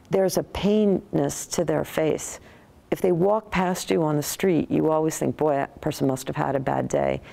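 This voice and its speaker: A middle-aged woman neuroscientist recounting research in an interview, thoughtful and animated, with frequent restarts. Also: lowish voice, gravelly.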